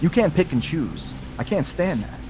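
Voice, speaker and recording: A man's voice: a little high, wildly swooping pitch, moderate pace, darkish tone, a little hiss or hum, poor audio. A man from the United States co-hosting a podcast, ranting with strong opinions about sports coverage. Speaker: podcast co-host. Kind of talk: casual sports chat.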